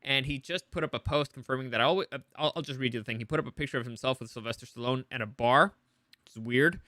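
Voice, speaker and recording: A man's voice: mid-range voice, fast, sharp tone, no echo, studio quality. A man hosting a casual entertainment news show, rambling with many restarts and opinionated asides.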